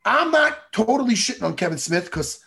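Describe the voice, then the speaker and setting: A man co-hosting a casual chat show, ranting excitably and swearing a lot. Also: sits high, normal speed, vocal fry. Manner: animated profane ranting, excitable. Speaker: podcast co-host.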